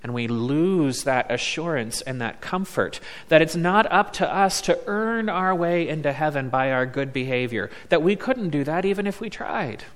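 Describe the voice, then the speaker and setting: A man preaching a sermon as a pastor, slow and deliberate, leaning on words with emphatic pauses. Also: fairly high pitch, animated. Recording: long reverb of a large hall.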